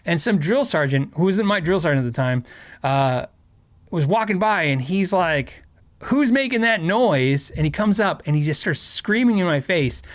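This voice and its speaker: Fairly high-pitched and animated, this Arizona host talks at a moderate pace on a recording with no room sound. He's a middle-aged man running a casual livestream, telling rambling stories packed with fillers, restarts, and frequent laughter.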